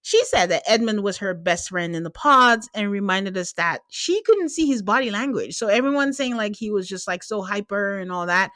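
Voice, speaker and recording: A woman hosting a podcast, recapping a reality show in casual chat, animated and laughing, with quick asides. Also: mid-range voice, no echo. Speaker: podcast host.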